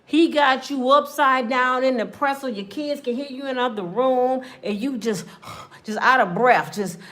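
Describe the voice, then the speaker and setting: A woman delivering a comedic monologue, acting out little scenes and swinging between loud bursts and hushed asides. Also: high-pitched, normal speed. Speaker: comedic talk show host.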